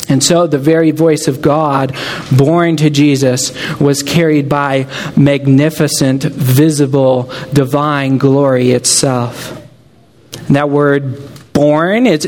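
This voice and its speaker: A man's voice: high-pitched, big-room sound. A man preaching a sermon, earnest and emphatic, making direct appeals to his listeners.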